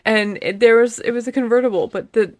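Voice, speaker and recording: A woman's voice: fairly high pitch, fairly even intonation, fairly quick, darkish tone, dry recording. A woman co-hosting a podcast, chatting casually and incredulously about a movie, often laughing. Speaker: podcast co-host. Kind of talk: casual movie recap chat.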